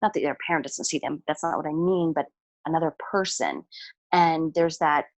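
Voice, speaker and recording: A woman guest on a podcast, telling stories in a relaxed, amused way with frequent fillers. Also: deep voice, normal speed, no echo. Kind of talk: casual storytelling conversation.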